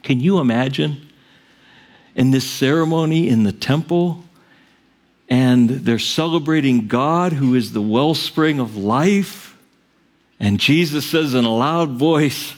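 A man preaching a sermon as pastor, earnest and direct, rising to loud cries on the quoted verses. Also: medium pitch, slow pace.

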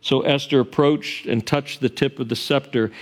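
A man's voice: mid-range voice, fairly even intonation, moderate pace. A male pastor preaching a sermon, retelling a story animatedly and acting out its characters.

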